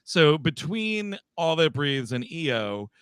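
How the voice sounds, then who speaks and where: Speaking slowly in a clean, slightly high voice, a man co-hosting a podcast tells a story in casual chat. He's animated and acts out the people in it, voicing their quotes. The recording is dry, with clean studio sound.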